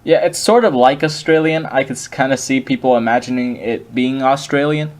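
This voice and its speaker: A man hosting a casual interview, asking his questions with frequent ums and hesitations. His pitch is mid-range for a man, and his delivery stays loose and unpolished. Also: a little fast. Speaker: host.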